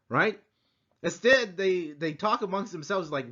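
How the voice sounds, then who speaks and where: Brief: lively male history teacher, somewhat high voice, slightly muffled recording. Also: normal speed. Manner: animated, acts out quotes, rhetorical asides. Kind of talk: conversational history lecture.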